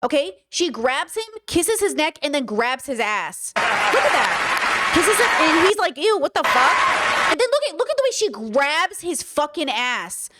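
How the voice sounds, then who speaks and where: A woman's voice: high voice, big pitch swings, moderate pace, over a noisy crowd, heavy background noise. A woman hosting a reaction commentary video, talking bluntly and emphatically, with frequent swearing.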